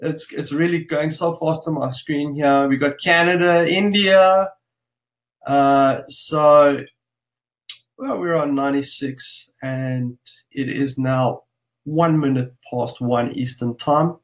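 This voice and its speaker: A man's voice: on the high side, fairly even intonation, takes it slowly. A man hosting a live webinar, greeting viewers by name and place in an upbeat, casual way. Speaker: webinar host.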